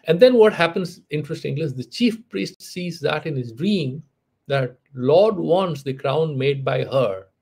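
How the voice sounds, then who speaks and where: Gravelly, husky male storyteller. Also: fairly high pitch, expressive, a little slow, darkish tone. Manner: conversational, with frequent "you know" fillers and restarts. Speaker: spiritual teacher. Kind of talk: storytelling lecture on philosophy.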